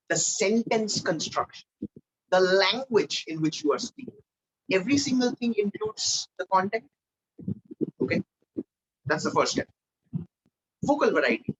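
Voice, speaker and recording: A man leading a live online public speaking training, energetic and animated, swinging between loud and soft for emphasis. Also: high-pitched, husky, low-quality recording.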